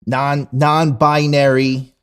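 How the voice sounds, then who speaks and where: Podcast co-host, man, mid-pitched, crude and easygoing, stumbling restarts. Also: level tone, slow, fairly bright tone, clean tone. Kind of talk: casual chat.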